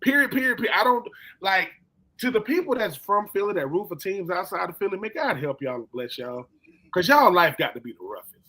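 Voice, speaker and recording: A man hosting a casual sports chat, telling animated stories and acting out quotes in slangy talk. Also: high-pitched, brisk. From Philadelphia. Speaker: podcast host.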